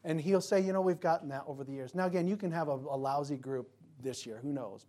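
A man preaching to his congregation in a chatty, rambling way, full of asides and restarts. When he quotes scripture, his voice swells into loud, emphatic declarations. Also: fairly high pitch, fast talker. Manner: conversational, anecdotal preaching with frequent restarts and asides. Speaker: pastor. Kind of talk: sermon.

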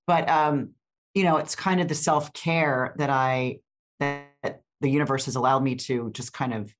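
A woman's voice: a bass voice, fairly even intonation, a little slow. An older woman co-hosting a podcast, chatting casually and rambling with restarts and fillers. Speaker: podcast co-host. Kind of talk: casual chat.

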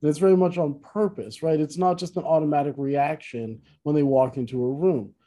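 A man's voice: fairly high pitch, brisk. A man in casual conversation, telling a story with lots of restarts and asides. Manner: rambling, self-correcting, animated retelling. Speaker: podcast co-host, musician.

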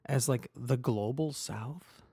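A man's voice: mid-range voice, slow pace, dark tone, breathy edge, dry recording, studio quality. A man in casual film-review chat, hesitant and often restarting. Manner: hesitant, restarts, laughs at himself.

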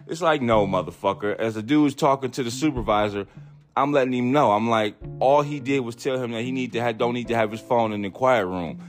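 Profane, animated man telling a story. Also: mid-range voice, a little fast, soft background music. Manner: profane, animated, acts out quoted voices. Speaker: podcast host. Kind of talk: casual storytelling rant.

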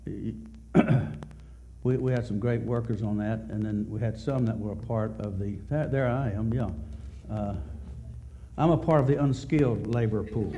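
A middle-aged male pastor preaching a sermon at a church service, telling a story in a halting way, often repeating words. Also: mid-range voice, mellow, lo-fi sound, slight background noise.

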